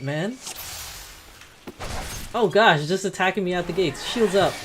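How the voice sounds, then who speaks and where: A woman's voice: lowish voice, measured pace, long pauses, slight background noise. A woman casually commenting aloud while playing a game, reacting as she goes. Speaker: gamer. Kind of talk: gameplay commentary.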